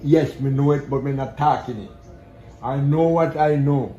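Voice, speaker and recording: A man's voice: medium pitch, steady tone, normal speed, mellow, soft background music. A man telling a story in a drawling patois. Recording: dull, echoey room recording.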